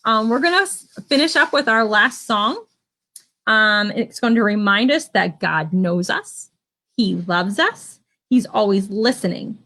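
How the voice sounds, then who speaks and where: A woman leading an online children's church lesson at home, gently asking the kids questions and encouraging them. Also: mid-range voice, lively intonation, measured pace.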